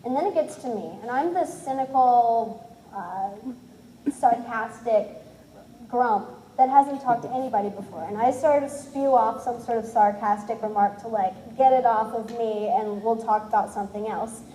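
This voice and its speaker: A woman in her twenties tells a personal story in a candid, self-deprecating way, slipping into the voices of the people she describes. Her voice sits a bit high and sounds mellow rather than bright. It is recorded in an echoey room. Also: normal speed, slight background noise. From Cincinnati, USA. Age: 20s. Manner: candid, self-deprecating, acts out others' lines. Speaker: speaker sharing her testimony.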